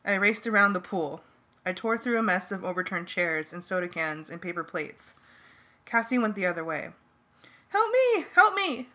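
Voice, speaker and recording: A woman reading a first-person novel aloud as an amateur audiobook, in a plain, steady manner. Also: fairly low pitch, moderate pace. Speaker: audiobook reader.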